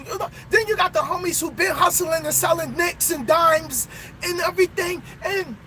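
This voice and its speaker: A male truck driver giving a motivational pep talk in a preachy way, bursting into shouts, recorded in his truck cab. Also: extremely high pitch, normal speed, slight background noise.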